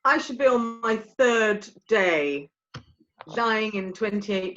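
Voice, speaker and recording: Taking her time, a woman with a mid-range, fairly bright voice and lively intonation co-hosts a vocal group's update. She chats casually and teases her partner over a video call whose lo-fi audio comes across as dull.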